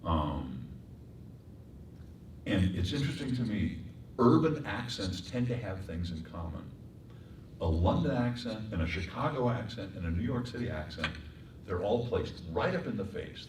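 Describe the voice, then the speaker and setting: A man teaching voice acting in a workshop lecture, breaking into accent and pitch demonstrations. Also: big pitch swings, normal speed, darkish tone, a little hiss or hum. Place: performing arts center room. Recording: echoey room, mic far off.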